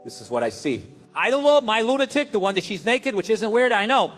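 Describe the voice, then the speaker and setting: Profane high-voiced male stand-up comic. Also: a little fast. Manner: profane, animated storytelling with acted quotes. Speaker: stand-up comedian. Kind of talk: stand-up storytelling.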